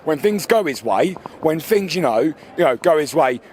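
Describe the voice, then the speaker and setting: Furious sweary football fan. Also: male voice, fairly high pitch, animated, moderate pace, a little hiss or hum. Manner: furious, sweary, shouting over himself. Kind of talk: angry fan rant. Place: outdoors on a city street after a match.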